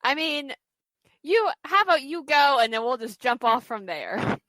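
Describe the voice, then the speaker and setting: A woman co-hosting a casual podcast, reacting with excited, gushing comments. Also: high voice, measured pace, no room sound, poor audio. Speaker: podcast co-host.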